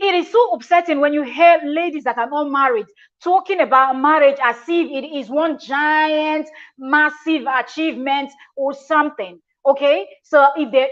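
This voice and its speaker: High-pitched and fairly bright, with the highs cut off, this woman's voice carries casual reaction commentary for her channel. She talks chattily and emphatically, frequently starting over.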